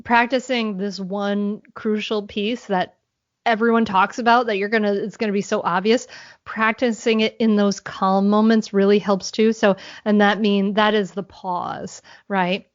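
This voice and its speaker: A woman answering as a podcast guest, explaining calmly and earnestly, thinking aloud as she goes. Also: medium pitch, unhurried, no echo, dull audio. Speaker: guest, mindfulness mentor for parents.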